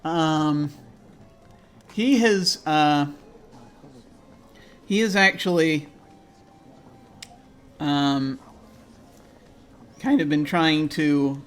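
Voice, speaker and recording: A man narrating a tabletop game as game master over a video call, halting and full of fillers and restarts. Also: a little high, clean tone.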